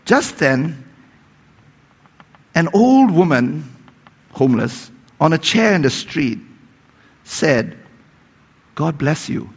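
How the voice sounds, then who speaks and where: A gravelly, husky male preacher telling a story in a sermon, rising to emphatic peaks and then dropping to hushed tones. His voice rings with a long reverb in a large hall. The recording sounds dull and lo-fi. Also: fairly high pitch, very animated, slow, pauses often. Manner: retells a story with emphatic rises and soft, hushed passages.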